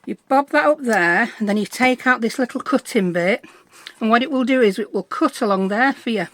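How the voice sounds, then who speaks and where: A middle-aged woman talks through a craft tutorial in a chatty, bubbly way. She pokes fun at her own clumsiness between steps. Her voice sits a little high. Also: moderate pace, fairly bright tone, no room sound. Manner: chatty, self-deprecating, bubbly asides. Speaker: craft vlogger.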